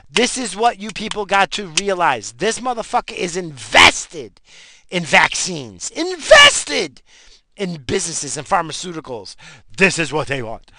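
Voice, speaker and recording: A man ranting angrily to the camera, swearing constantly and bursting out in animated, profane outbursts. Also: sits high. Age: adult with a job and in-laws. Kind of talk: profane comic rant.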